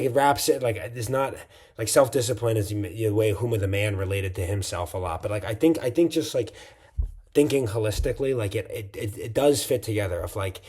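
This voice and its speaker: Husky, rambling man musing late at night. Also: medium pitch, dark tone. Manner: rambling, full of "like" and restarts. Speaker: vlogger. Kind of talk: casual reflective monologue.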